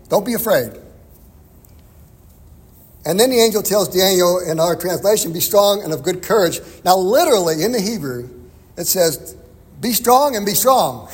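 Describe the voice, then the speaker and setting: A man's voice: high voice, a little mellow, slightly rough, long reverb tail. A man preaching an expository sermon in a conversational way, chuckling now and then. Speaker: pastor.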